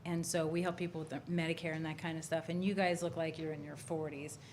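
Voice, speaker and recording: A woman's voice: sits low, level tone, quick pace, darkish tone, a little hiss or hum. Upbeat woman host interviewing. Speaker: interviewer and financial advisor. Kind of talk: interview chat.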